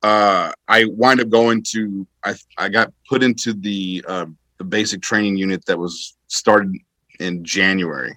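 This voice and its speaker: A man, an army veteran, telling his service stories in a relaxed, rambling way, with fillers and self-corrections. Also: low-pitched, measured pace, no echo, rough recording. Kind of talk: casual conversational storytelling.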